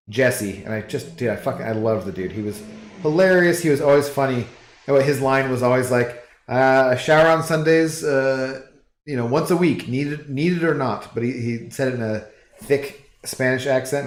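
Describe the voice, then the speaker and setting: A relaxed man hosting a livestream from home, rambling casually with his viewers and answering chat messages as they come in. His voice sits in a middling register, and the room around him has a noticeably echoey sound. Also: medium pitch. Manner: rambling, relaxed, chatty asides. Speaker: livestream host reading chat.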